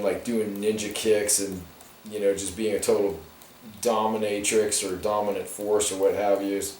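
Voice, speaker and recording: A man's voice: on the low side, a little mellow, a little hiss or hum. Man, rambling rant, casual monologue while drawing, roomy echo, mic far off. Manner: ranting, many restarts and asides. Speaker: artist talking while coloring a comic.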